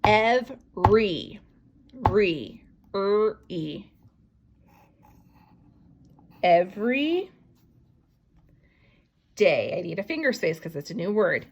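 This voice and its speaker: A woman teaching a young class to write a sentence, slowly sounding out each word, syllable and letter and often dropping to soft, half-whispered phonics sounds. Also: mid-range voice, very animated, slightly rough, lo-fi sound. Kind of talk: early-grade writing lesson, sounding out words.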